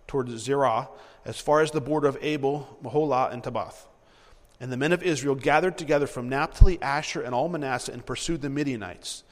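A man preaching and reading Bible verses aloud, animated and repeating himself as he acts out the story. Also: a little high, big-room sound. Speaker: preacher teaching a Bible passage.

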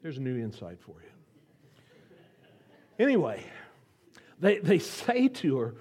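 A man delivering a sermon as a guest pastor, swinging from loud pleas to hushed whispers and asking the congregation to repeat lines. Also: medium pitch, huge pitch swings, measured pace, long pauses, husky. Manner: asks the audience to repeat lines.

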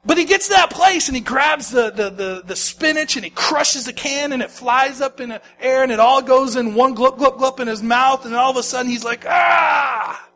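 Middle-aged male pastor, high bright voice, dynamic sermon delivery, slight hum. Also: brisk, hardly any pauses. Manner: animated preaching, swings from shouting to near-whisper.

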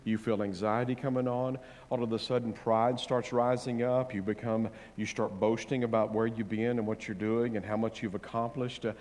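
A man's voice: fairly low pitch, level tone, normal speed, hardly any pauses. Preaching man in a reverberant hall. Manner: swings between loud preaching and quiet counsel; playful asides to the congregation. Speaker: pastor. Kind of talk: sermon.

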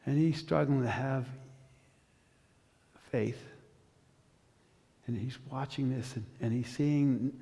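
A male pastor preaching a sermon with dramatic storytelling, long pauses, and passages that build to loud intensity. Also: medium pitch, gravelly, long reverb tail.

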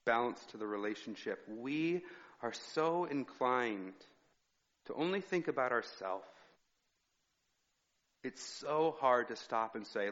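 This pastor's mid-range voice has a fairly bright tone as he delivers a chatty sermon full of personal anecdotes. He is in a church sanctuary, and the audio comes across reverberant and dull.

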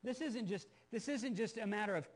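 High-voiced earnest male preacher. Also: brisk. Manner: earnest, emphatic, repeats phrases when stressing a point; conversational asides to the listeners. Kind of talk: sermon, Bible teaching.

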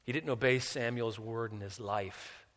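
Man, sermon, mid-pitched voice, loud emphatic peaks, repeats words, long hall reverb. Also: steady tone, unhurried. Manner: builds from low and quiet to loud and high for emphasis. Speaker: preacher.

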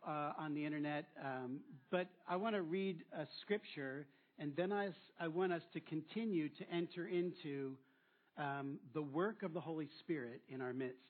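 A man preaching a sermon as pastor, drawing answers from the congregation and repeating them back with encouragement. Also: fairly high pitch. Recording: tinny phone-like sound.

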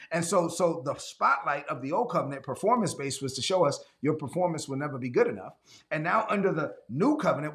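A man's voice: on the high side, a bit bright. A man preaching an online sermon, repeating key phrases and asking listeners to answer in the chat, sometimes acting out voices he quotes. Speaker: pastor.

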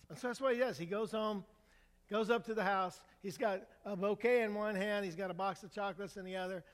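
An older male pastor preaching a sermon in a relaxed, storytelling way, with humor, asking the congregation questions. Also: high-pitched, normal speed, in a large hall. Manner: conversational storytelling with humor, asks the crowd for a show of hands. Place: church sanctuary.

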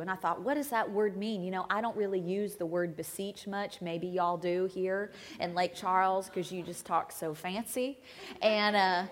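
A woman guest preacher delivering a conversational sermon, swinging between emphatic lines and hushed asides. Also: medium pitch. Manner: conversational, dramatic shifts between loud and hushed. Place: church sanctuary. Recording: long hall reverb.

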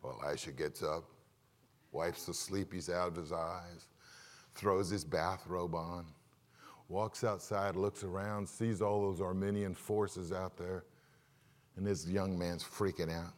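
A male pastor giving an animated sermon in church, asking the congregation questions and acting out stories. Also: deep voice, unhurried. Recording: long reverb of a large hall.

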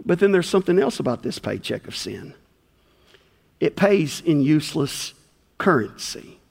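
Animated preacher in a reverberant hall. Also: male voice, on the high side, normal speed, gravelly. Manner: animated, folksy storytelling with acted-out dialogue. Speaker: pastor. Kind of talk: sermon with personal storytelling. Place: church sanctuary.

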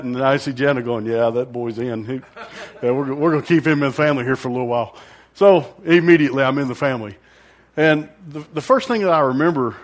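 A man giving a rambling, self-deprecating personal testimony at church, laughing now and then and acting out his own thoughts. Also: a little high.

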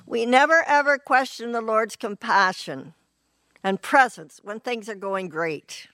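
A woman preaching a sermon in an earnest, unhurried way, often clearing her throat. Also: a little high, pushed and bright, no echo.

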